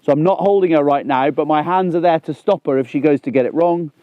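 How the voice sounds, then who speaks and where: A man's voice: a little high, fast talker, dry recording, narrow, tinny audio. Chatty man training a dog outdoors. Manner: chatty and animated, bursts into excited exclamations. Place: outdoors on a lawn.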